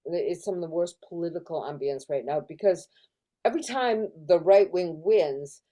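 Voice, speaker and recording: Over a video call from California, a middle-aged female professor gives a casual academic interview in a lowish, dark voice at a moderate pace. She's thoughtful, restarts and fills her sentences a lot, and performs the voices of people she quotes.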